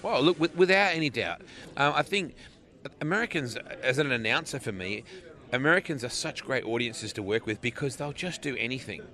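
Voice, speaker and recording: An Australian man in his forties talks through a relaxed interview, joking and laughing often. His voice has a bright, forceful ring at a middle pitch. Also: a little fast. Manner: laughs often, easygoing and jokey. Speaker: race announcer, interview guest. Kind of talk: casual interview chat.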